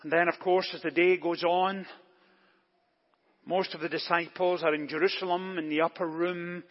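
A pastor with a husky, high voice and a level tone preaches a deliberate, emphatic sermon during a church service, driving his points home with rhetorical questions. Long reverb echoes off the church walls, and the recording sounds dull and lo-fi.

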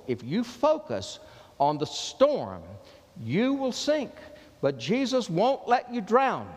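Impassioned male preacher in a reverberant church. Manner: impassioned preaching, dropping low and soft for quoted words of Jesus. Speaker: pastor. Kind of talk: sermon.

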